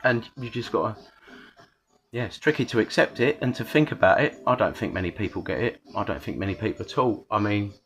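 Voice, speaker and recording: A man's voice: lowish voice, animated, brisk, a bit bright, a little hiss or hum. A man, talking in a casual rambling monologue, swearing a lot and restarting his sentences. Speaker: channel host.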